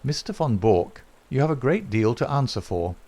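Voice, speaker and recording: A man voicing a calm, middle-aged gentleman detective who speaks in a measured, dryly ironic way. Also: mid-range voice, voice pushed up.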